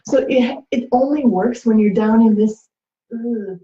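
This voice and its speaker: A woman's voice: fairly high pitch, moderate pace, mellow, a little hiss or hum. A woman talking through relationship advice in a casual, rambling way, full of fillers and acted-out quotes. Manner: chatty, many fillers, acts out quoted lines. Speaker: host. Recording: echoey room, dull lo-fi sound.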